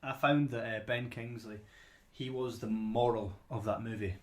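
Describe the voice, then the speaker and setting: A man's voice: medium pitch, fairly even intonation, normal speed. A man co-hosting a casual podcast about films, rambling and repeating words as he works his way to his point. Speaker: podcast co-host. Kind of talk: casual film discussion.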